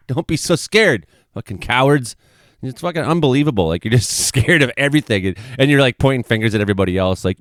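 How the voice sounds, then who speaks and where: A man talks through weather maps in a loose, excitable forecast, cracking jokes and swearing freely. His voice sits at a middle pitch and comes across smooth and clear. It is recorded close in a dry space with no echo. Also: fast. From Canada. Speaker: weather vlogger. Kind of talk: casual weather commentary over maps.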